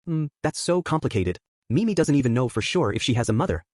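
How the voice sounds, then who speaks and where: A man's voice: mid-range voice, big pitch swings, fast, no echo, studio quality. A man voicing a cheerful, playful little beast-girl who teases and talks about herself in the third person, reading an audiobook. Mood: curious. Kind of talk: audiobook character voice.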